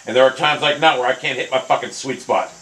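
A young man commentating his own golf video game, hot-tempered and swearing constantly, often bursting into angry shouts. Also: medium pitch, steady tone, fast talker, low-quality recording. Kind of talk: live gameplay commentary.

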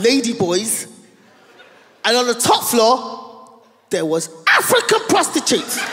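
A woman with a London accent doing stand-up, telling a story with animated pitch swings that build to her punchlines. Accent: London English. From London, England. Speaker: stand-up comedian. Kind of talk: stand-up comedy set. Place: large concert venue. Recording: reverberant live venue.

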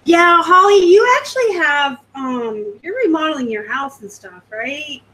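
A woman's voice: sits high, expressive, unhurried, sharp tone, rough recording. A woman from the US West Coast hosting a live stream. She reads out viewer comments and chats about her selling in a rambling, casual way. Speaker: host.

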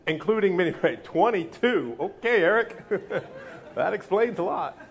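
A man's voice: high voice, unhurried, husky. A man preaching a sermon as pastor, joking with the congregation and asking them questions. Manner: lively, joking banter with the congregation; asks the audience questions and urges them to repeat after him.

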